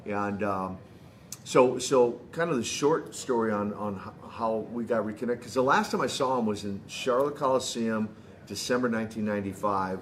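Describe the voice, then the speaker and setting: Man in his sixties, low voice, relaxed storyteller, interview guest. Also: moderate pace, a little hiss or hum. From United States. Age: 60s. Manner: relaxed anecdotal, trails off softly. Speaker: retired wrestler guest.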